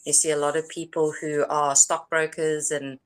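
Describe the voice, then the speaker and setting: A woman co-hosting a casual livestream, speaking in a calm, reflective way and laughing often. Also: low-pitched, normal speed.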